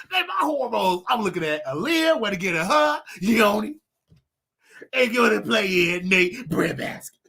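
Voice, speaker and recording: A male livestream host talking casually with a bright, forceful tone. His delivery swoops widely in pitch, preaching to his listeners and breaking into laughing asides. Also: big pitch swings, normal speed, gravelly, slightly rough.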